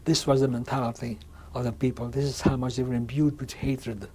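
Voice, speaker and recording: An older man in his sixties recounts his past in a recorded interview, his voice mellow and dark-toned at a middling pitch. He speaks haltingly, circling back and restarting phrases. A faint hum sits behind him. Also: little pitch movement. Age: 60s. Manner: halting, with frequent restarts and repeated words. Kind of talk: oral history testimony. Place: museum interview room.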